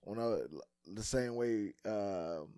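A man's voice: on the low side, takes it slowly, warm tone, clear, resonant tone, dry recording. Easygoing man in a dry close-mic chat. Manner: loose, repeats himself, many fillers. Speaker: podcast co-host. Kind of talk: casual sports chat.

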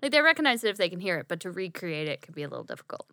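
A woman co-hosting a podcast in casual, laughing chat, quick to jump in over the others. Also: fairly low pitch, big pitch swings, pushed and bright, dry recording, studio quality. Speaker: podcast co-host.

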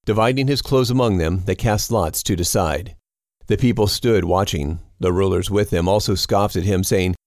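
A man reads scripture aloud in a steady, measured audiobook narration. His voice sits low and deep. The sound is dry and close, with no room around it. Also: dry recording.

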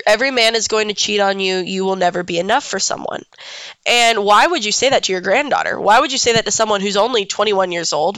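A woman's voice: mid-range voice, fairly bright tone, clear, resonant tone, no echo, poor audio. A young adult woman hosting a podcast, telling a personal story in a candid, casual way and swearing freely. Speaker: podcast host.

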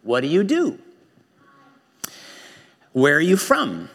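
A man with a fairly high voice preaches a sermon in a wry, conversational manner. His words ring out with a long reverb, as in a church sanctuary. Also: huge pitch swings, a little slow, long pauses, a bit bright. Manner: wry, conversational preaching with quoted movie lines. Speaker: pastor.

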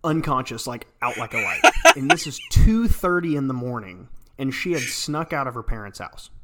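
A man's voice: mid-range voice, expressive, moderate pace, bright, forceful tone. Man telling a rambling story. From Arkansas. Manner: rambling, laughs through his stories. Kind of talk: casual storytelling chat.

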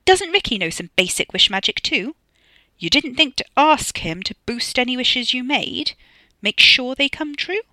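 A shrill young woman tearing into her friend over the phone, as a woman narrator puts her on. She is indignant and scolding, her voice bright and sharp and pitched high. The sound is close and dry. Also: big pitch swings, normal speed, no echo, heavily acted. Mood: exasperated.

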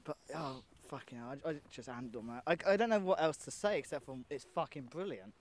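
Rambling, sweary man, slightly high. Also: animated, fast. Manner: rambling, sweary, trails off mid-sentence. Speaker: podcast co-host. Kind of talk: casual chat.

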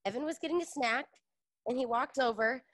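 Emotional swearing woman, higher voice. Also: brisk, background noise. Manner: swears freely, emotional and gushing. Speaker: podcast co-host. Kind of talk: casual chat.

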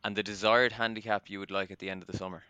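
Irish male podcast host, crisp and bright tone, easygoing and rambling with ums. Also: fairly low pitch, flat delivery, very fast, dry recording. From Ireland. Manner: chatty and self-deprecating, lots of ums. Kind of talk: casual podcast chat.

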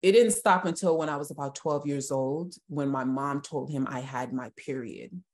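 A woman with a notably low voice speaks as a podcast guest giving personal testimony. Her delivery is halting and emotional, and she often restarts her sentences. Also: a little mellow. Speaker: guest sharing her story.

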